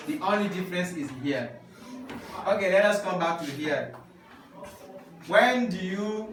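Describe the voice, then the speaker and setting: A man's voice: a little high, noisy background. A man with an African English accent teaching French grammar to a class, explaining step by step. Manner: drills the class with call-and-response. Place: large echoey classroom. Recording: echoey room from far off.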